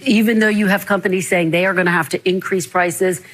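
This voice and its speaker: A woman's voice: fairly low pitch, steady tone, brisk, a bit bright. A woman interviewer asking pointed, pressing news questions.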